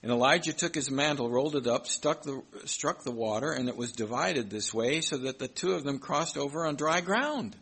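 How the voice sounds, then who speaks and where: A man's voice: mid-range voice, moderate pace, few pauses, fairly bright tone, breathy edge, low-quality recording. A man preaching a sermon, reading Bible verses aloud and explaining them, with some hesitant restarts. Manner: reads scripture aloud and comments, with hesitant restarts.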